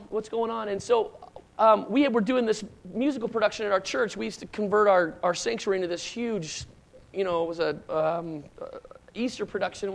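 A middle-aged pastor with a high, creaky voice preaches a sermon woven with personal stories. His delivery is loose and conversational, rambling with restarts and asides, and he acts out shouted lines within the stories.

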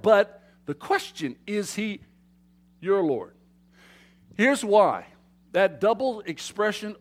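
A man preaching a sermon to his congregation, swinging between loud emphatic declarations and quiet asides, often asking them questions. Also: high-pitched. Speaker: pastor. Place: church sanctuary.

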